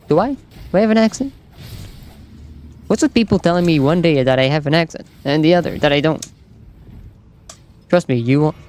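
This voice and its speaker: A man's voice: on the high side, a little mellow. A man whose first language is French, speaking with a light French accent. He chats with his stream while gaming, joking, swearing and laughing often, and he sounds tired from staying up all night. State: tired from no sleep. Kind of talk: casual gaming stream chat.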